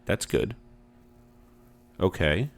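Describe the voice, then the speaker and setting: A man's voice: deep voice, very animated, extremely slow, creaky. A young man streaming a game live, chatting casually and interrupting himself while he fixes his audio.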